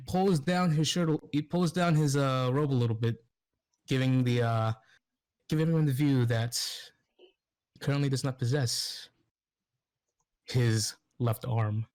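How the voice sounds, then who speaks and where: Male game master, halting narration with fillers, on a voice call. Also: mid-range voice, a little mellow. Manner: halting, many fillers, laughs often.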